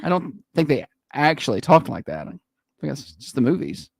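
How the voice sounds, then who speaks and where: Lively joking radio host man. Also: on the high side, moderate pace, vocal fry, slightly rough, no room sound. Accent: Southern American. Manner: joking, does old-timey announcer voices. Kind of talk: casual radio banter.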